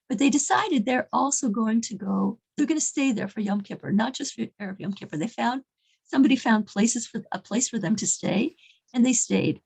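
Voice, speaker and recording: A fairly high-voiced woman tells a faith story in an earnest, halting way, often circling back over her own words. Her voice has a gravelly fry and a husky, breathy grain. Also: darkish tone, rough recording. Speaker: religious storyteller. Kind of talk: informal faith talk with storytelling.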